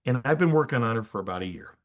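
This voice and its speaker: An older man speaks as a physician guest on a podcast, telling his story with emphatic, animated energy. His pitch sits mid-range but swings widely as he leans into the key moments, often pausing to check in with the listener. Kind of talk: conversational storytelling in an interview.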